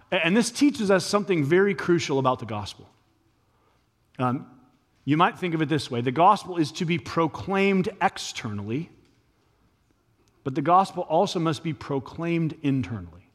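Man, pastor, sermon, high voice, conversational with emphatic peaks, long hall reverb. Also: lively intonation, normal speed, pauses often.

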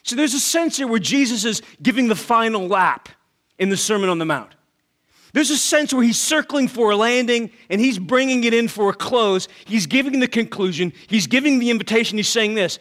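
A man's voice: extremely high pitch, lively intonation, a little fast, fairly bright tone. A man preaching a sermon with emphatic rhetorical questions, often repeating words as he starts a thought. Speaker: pastor.

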